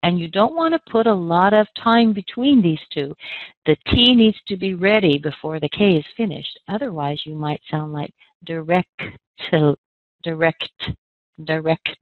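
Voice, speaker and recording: A woman's voice: fairly low pitch, expressive, dry recording. Patient American woman teaching pronunciation. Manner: patient, clear, demonstrates sounds slowly. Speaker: accent trainer. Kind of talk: pronunciation lesson. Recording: dry, phone-like narrow sound.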